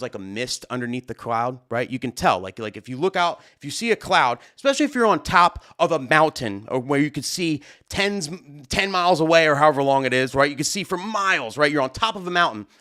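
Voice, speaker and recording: Excitable man telling a story. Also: a little high, fast, few pauses. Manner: animated, excitable storytelling with many fillers. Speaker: DJ and live stream host. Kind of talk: casual live stream storytelling. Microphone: studio mic at a desk.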